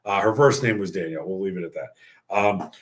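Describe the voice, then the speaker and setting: A Bronx man in his thirties with a New York accent hosts a podcast, telling a crude story full of profanity and jokes. His voice sits low and moves a little fast.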